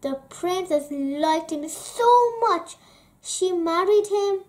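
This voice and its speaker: Slow, high-voiced woman storyteller. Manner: slow, expressive narration. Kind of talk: children's book read-aloud.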